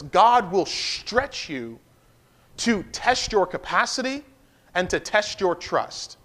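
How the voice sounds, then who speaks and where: A man's voice: high-pitched, fairly bright tone. A male pastor preaching a livestream sermon in a conversational way, repeating key lines and stopping for asides to the congregation.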